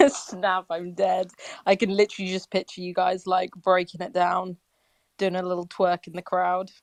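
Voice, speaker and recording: A woman joining a casual group chat with quick, laughing banter. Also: lowish voice, flat delivery, dry recording. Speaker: community member.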